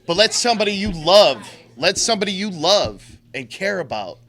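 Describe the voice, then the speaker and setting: Blunt, bright-voiced man talking recovery. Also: high-pitched, sing-song, moderate pace. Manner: blunt and profane, street slang, acts out quotes. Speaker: recovery speaker. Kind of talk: candid talk to a recovery group.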